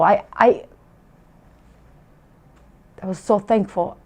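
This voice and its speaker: A woman with a medium-pitched voice speaks slowly, pausing often as she tells a family story. She is a parent giving a personal testimonial, emotional and heartfelt, restarting her sentences many times.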